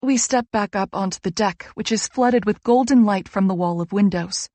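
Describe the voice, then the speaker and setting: A woman narrating a first-person romance audiobook with earnest, emotional feeling. Her voice sits in an even, middle range and sounds close and dry, with no room around it. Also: mid-range voice, normal speed, no room sound.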